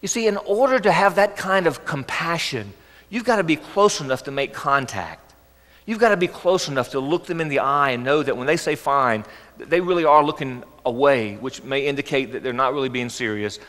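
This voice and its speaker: A man preaching a sermon as pastor, earnest and gently coaxing, often asking rhetorical questions. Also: on the high side, moderate pace. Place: church sanctuary. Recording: echoey church hall.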